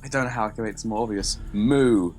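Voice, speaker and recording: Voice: medium pitch, fairly even intonation, rapid-fire, music in the background. A podcast panelist who plays and swears while acting out characters as quiz clues. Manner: playful, swearing, acts out characters. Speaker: quiz clue-giver. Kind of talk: casual banter, acting out clues.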